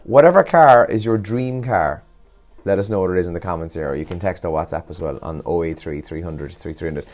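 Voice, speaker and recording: A young Irish man hosts a morning show in an easy, rambling chat, poking fun at himself. He sounds worn out and yawns now and then. His voice sits a little low. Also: brisk, a little mellow, faint music behind. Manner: chatty, rambling and self-deprecating. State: tired, yawning. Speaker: radio show host.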